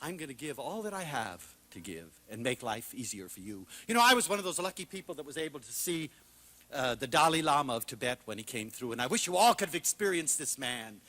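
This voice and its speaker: A man giving a passionate public talk, telling lively stories and swinging from loud outbursts to hushed asides. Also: mid-range voice, brisk. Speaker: lecturer.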